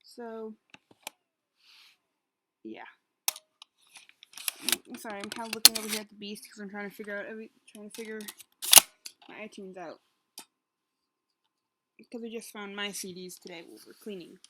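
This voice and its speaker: A woman's voice: mid-range voice, steady tone, normal speed, pauses often, heavy background noise. A woman in her late teens, talking through a webcam at home in a rambling, emotional, self-interrupting way, with a sore throat. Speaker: vlogger. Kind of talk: confessional webcam vlog. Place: at home, indoors. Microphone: built-in computer webcam mic.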